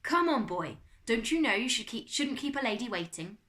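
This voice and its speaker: A woman's voice: on the high side, very animated, moderate pace, fairly bright tone, voice pushed up. A woman voicing a stiff, mournful male butler with a put-on French accent, giving stern commands.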